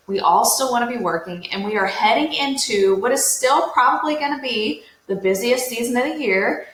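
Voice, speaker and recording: A woman's voice: on the high side, a bit bright, slight background noise. A woman coaching real estate agents in a casual, upbeat, direct way, with lots of "you know"s. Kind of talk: casual motivational talk to agents. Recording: roomy echo.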